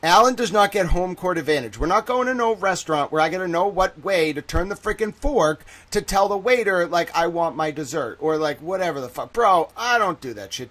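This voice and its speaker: A man's voice: sits high, a bit bright. A man hosting a live stream, rambling in a profane, jokey, casual rant.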